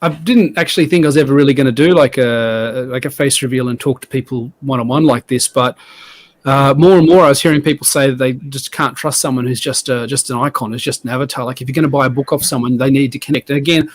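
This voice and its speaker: A man's voice: medium pitch, steady tone, fast talker. An Australian man, a guest on a podcast, chatting casually in an easygoing, rambling way. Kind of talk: casual chat.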